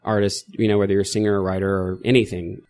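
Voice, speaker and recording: A middle-aged man chatting as a podcast guest, rambling and correcting himself as he tells stories with lively energy. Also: deep voice, fast talker. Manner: rambling, self-correcting, animated storytelling. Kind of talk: casual interview chat.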